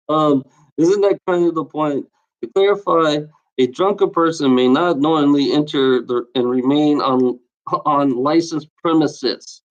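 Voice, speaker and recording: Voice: medium pitch, a little slow, dull audio. A vlogger reading out odd laws and ranting about them, swearing constantly and scoffing in exasperation. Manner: scoffing laughter between readings.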